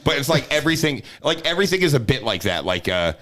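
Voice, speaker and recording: Animated guest comedian, lively voice. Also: male voice, mid-range voice, quick pace. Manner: animated storyteller, laughs often; swears freely. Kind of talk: casual podcast chat.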